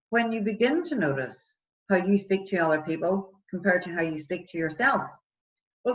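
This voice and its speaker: A woman with a mid-range, slightly bright voice coaches listeners on wellbeing through a self-compassion exercise. She asks many questions and acts out example voices in this guided self-help talk. The recording is distant, dull and lo-fi.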